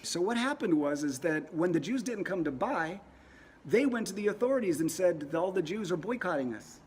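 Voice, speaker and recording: A man's voice: high-pitched, expressive, normal speed, slight background noise. A man teaching a lesson in a casual, conversational way, often repeating words as he tells a story. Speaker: religious teacher.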